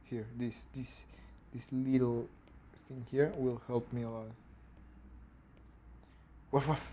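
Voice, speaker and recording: A man's voice: medium pitch, level tone, a little slow, warm tone, a little hiss or hum. A man, thinking aloud as he animates and mimicking a dog's barks. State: hoarse throat. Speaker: animator streaming his work. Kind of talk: casual narrated work session.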